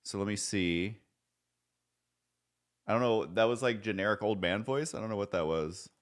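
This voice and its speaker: A man's voice: on the low side, moderate pace. A man streaming live, chatting casually and rambling, joking at his own expense and swearing now and then.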